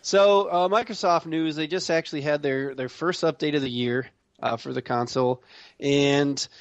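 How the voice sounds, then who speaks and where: A man hosting a casual gaming podcast, reading news in a relaxed way with many fillers. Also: medium pitch, no room sound. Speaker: podcast host.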